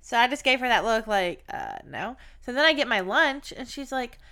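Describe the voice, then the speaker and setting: A woman with a bright, smooth voice pitched a little high tells a story in casual podcast chat. She talks bluntly and swears freely. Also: lively intonation, normal speed. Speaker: podcast co-host.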